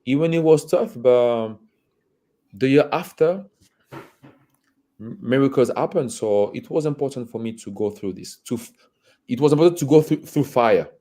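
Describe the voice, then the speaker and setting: A man speaking as an interview guest about his football career, talking haltingly, repeating words and laughing between phrases. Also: mid-range voice, warm tone. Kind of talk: candid conversational interview.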